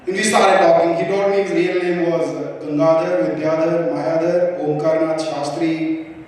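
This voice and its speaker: A man doing stand-up at a comedy club, deadpan and halting, with many restarts. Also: a little high, slight background noise. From India. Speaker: stand-up comic. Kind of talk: stand-up set. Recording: distant echoey live club recording. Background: audience laughter.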